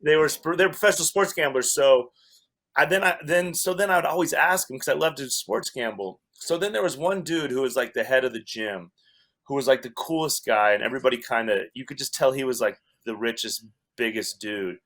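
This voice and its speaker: A man's voice: medium pitch, fairly quick, a bit bright. A man from Wyoming, a comedian guest, casually telling a story with restarts and laughter. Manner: rambling, self-interrupting, laughs through the story.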